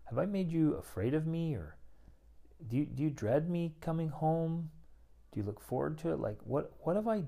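A man's voice: on the high side, lively intonation, moderate pace, vocal fry, mellow. A middle-aged man giving an emphatic motivational talk on relationships to other men, acting out people's inner thoughts as he goes. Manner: emphatic, preachy, acts out inner monologues. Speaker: men's relationship coach.

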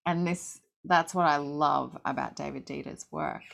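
Slow, gravelly low-voiced woman. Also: a bit bright. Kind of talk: casual podcast chat.

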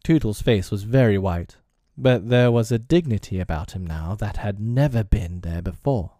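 A man narrating a storybook chapter with expressive delivery. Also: fairly low pitch, normal speed, no room sound, studio quality. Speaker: audiobook narrator.

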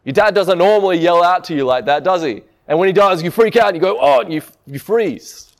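A man preaching a sermon in a slightly higher voice. He talks to the listeners in a conversational way and keeps asking them rhetorical questions. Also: expressive, fairly quick.

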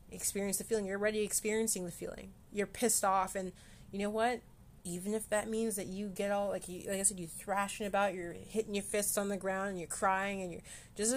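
A woman's voice: medium pitch, little pitch movement, fairly quick. A woman from Canada hosting a casual solo podcast, talking candidly with frequent restarts and casual swearing. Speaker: podcast host.

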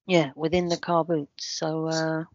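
A man's voice: on the high side, level tone, unhurried, dry recording. A man voicing an eccentric, rambling older man who calls everyone "lad", in an improvised comedy podcast. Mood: deadpan. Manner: rambling, odd non sequiturs. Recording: dry, dull lo-fi recording.

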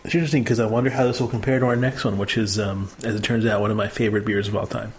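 A man's voice: on the low side, steady tone, racing, a little hiss or hum. A man hosting a casual beer tasting chat, joking and describing flavors and brewery facts. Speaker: host.

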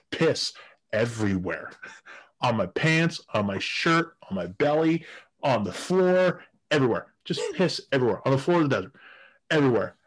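A man's voice: medium pitch, big pitch swings, moderate pace, husky. A man telling crude stories in a casual podcast chat, laughing often and restarting his sentences. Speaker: guest storyteller.

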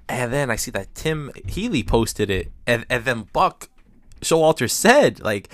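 Man, casual rambling storyteller, lively pitch, dry close sound. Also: measured pace, dry recording. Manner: animated, rambling with restarts and fillers.

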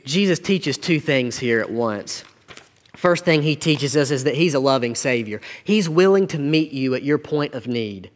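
A man's voice: medium pitch, animated, moderate pace, in a large hall. A man, preaching a sermon to his congregation with earnest, rising and falling intensity. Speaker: pastor.

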